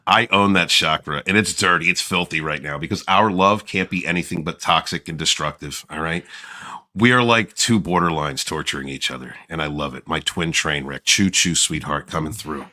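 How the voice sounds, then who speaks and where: A man putting on a deep, slow, crooning seducer voice in the style of a soul singer, talking to his livestream chat. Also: bright, forceful tone. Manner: low, slow, suggestive crooning.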